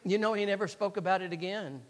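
A man's voice: high voice, fast talker. A man preaching a sermon in an earnest, repetitive way, leaning hard on the key words. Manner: earnest, repetitive, rising to emphatic stresses. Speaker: pastor. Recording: long hall reverb.

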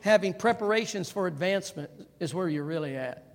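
A man with a high voice preaches a conversational sermon a little fast, animatedly checking in with "right?" and calling for the congregation to respond. A long hall reverb fills the recording.

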